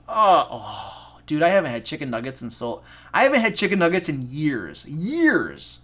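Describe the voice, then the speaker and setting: A man from Michigan with a Michigan accent, hosting a casual live stream as a dungeon master, excitable, goofy and self-deprecating. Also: a little high, moderate pace. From Michigan, USA. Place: home room.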